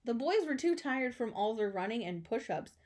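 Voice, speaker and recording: A woman teacher reading a children's storybook aloud, expressive with chatty asides. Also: on the high side, normal speed.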